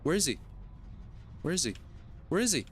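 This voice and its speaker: Male gaming streamer, high and animated, loud crude reactions. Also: normal speed, a little hiss or hum. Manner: excitable, crude, joking, lots of yelling and laughing. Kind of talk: casual livestream commentary.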